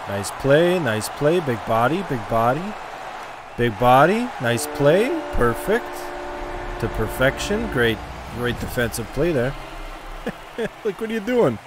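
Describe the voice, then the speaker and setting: A man riffing loosely over a hockey game he is playing, cheering, groaning and trash-talking the players as they go. His voice sits in a middle register, with clear background noise running under the recording. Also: medium pitch. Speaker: gaming commentator. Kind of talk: casual gameplay commentary.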